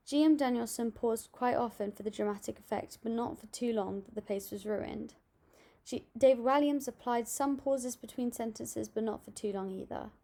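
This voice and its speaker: A young woman reading out a school assignment on voice techniques, steady and a little halting, with small restarts. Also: on the high side, creaky. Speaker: student presenting an assignment. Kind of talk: read-aloud school presentation.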